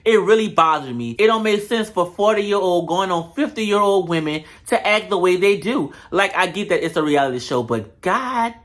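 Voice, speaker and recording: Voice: medium pitch, expressive, normal speed, hardly any pauses, a bit bright. A show reviewer on camera giving a casual, blunt reality-show recap, talking straight to the viewers. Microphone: camera mic.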